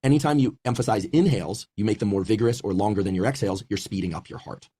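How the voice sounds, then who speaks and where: Male researcher, lecturing explainer, brisk delivery, dark mellow tone. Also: fairly low pitch, husky. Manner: fast, steady lecturing explanation. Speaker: scientist. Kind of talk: scientific explanation.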